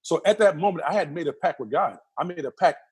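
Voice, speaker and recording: Rapid, animated, and a little dark in tone, a husky middle-aged man with a slightly high voice tells stories as a guest in a casual interview. His accounts are vivid, with repeated phrases and impersonations of the people involved.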